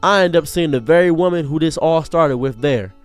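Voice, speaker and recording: A young man tells a comedic personal story in a lively, joking way, his voice sitting a bit high for a man. Soft music plays faintly behind him. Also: a little fast, clean tone, dry recording. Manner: animated, jokey, bursts into higher acted quotes. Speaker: streamer telling a story.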